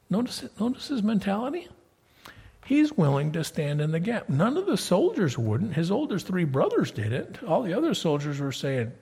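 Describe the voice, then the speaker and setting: Husky-voiced male preacher telling a Bible story. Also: sits high, wildly swooping pitch, moderate pace, long reverb tail. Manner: conversational storytelling, rises to loud emphatic peaks when reading scripture. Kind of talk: sermon.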